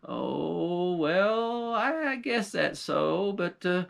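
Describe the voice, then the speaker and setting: A sly old witch from a storybook, wheedling and drawling in a high voice, as a man puts her on. She talks in a folksy, slow storyteller way. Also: animated, vocal fry, fairly bright tone, full character voice.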